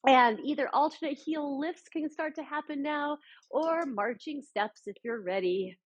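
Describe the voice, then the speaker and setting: Slow, gentle woman leading chair yoga. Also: high-pitched, dull audio. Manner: gentle, encouraging cues with frequent fillers. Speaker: adaptive yoga instructor. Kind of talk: guided chair yoga class.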